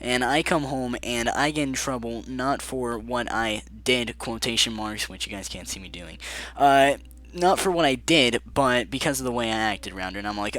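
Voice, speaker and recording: A man's voice: medium pitch, normal speed, fairly bright tone. A young man rambling through a casual storytime in a sarcastic, joking tone. He curses freely and keeps things loose and chatty. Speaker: vlogger.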